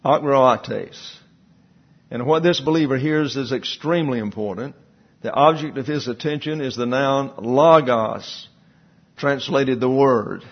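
A man preaching a sermon, teaching from scripture and breaking off into asides and quick questions to the people listening. His voice is husky, sits at a mid pitch, and comes through a dull, lo-fi recording. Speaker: pastor.

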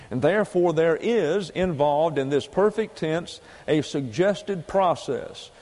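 A male preacher delivers a teaching sermon very slowly, with a slightly raised pitch. He works through his points one by one and repeats key phrases for emphasis. His voice carries a long reverb, as if in a large hall. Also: a little mellow. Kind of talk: doctrinal sermon teaching Greek grammar.

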